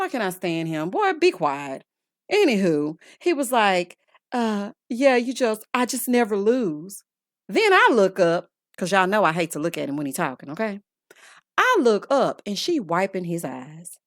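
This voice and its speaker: In a medium-pitched, slightly bright voice, a woman vlogger casually and sassily sums up a reality show, sounding exasperated and addressing viewers as honey and child. The recording is studio quality with no echo.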